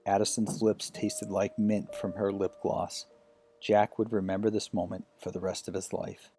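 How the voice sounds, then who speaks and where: A man reading a romance short story aloud as an audiobook narrator, telling it in a gentle, unhurried way. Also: on the low side, level tone, faint music behind. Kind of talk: scripted narration.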